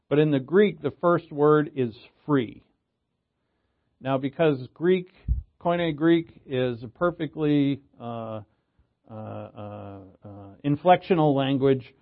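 A preacher with a mid-range voice teaches a Bible passage in a casual, conversational manner. He restarts sentences and keeps checking in with "right?", and the audio sounds narrow and tinny.

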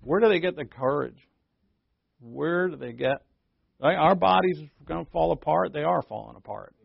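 Gravelly, conversational male preacher. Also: fairly high pitch, lively intonation, normal speed, no room sound, lo-fi sound. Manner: conversational, self-interrupting, playful asides. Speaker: pastor. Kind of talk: sermon.

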